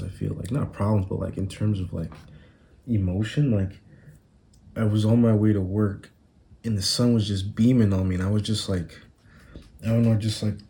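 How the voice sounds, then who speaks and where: A man's voice: fairly low pitch, creaky, dark tone. A young man hosting a podcast, telling stories in a loose, rambling monologue full of slang, recorded on a phone. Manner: laid-back, rambling slang-heavy storytelling. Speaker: podcast host. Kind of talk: casual solo monologue.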